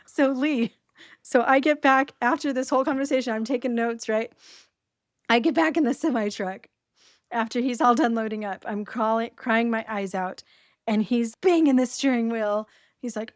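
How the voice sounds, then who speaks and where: A middle-aged woman, a podcast guest, tells her story in an animated, quick way and laughs often. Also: a little high, no echo, clean studio sound. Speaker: guest, abuse survivor.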